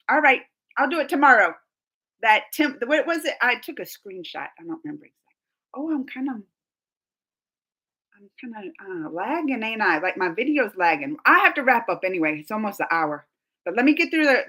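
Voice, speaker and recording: A woman's voice: fairly high pitch, pushed and bright. A young woman hosting a casual live stream, chatting and giggling as she reads out viewer comments. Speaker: reaction channel host.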